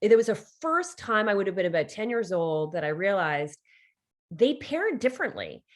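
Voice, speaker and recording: A middle-aged woman with a Canadian accent, a podcast guest telling stories with lively quoted voices. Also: mid-range voice, normal speed. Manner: animated storytelling with quoted voices. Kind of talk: podcast interview.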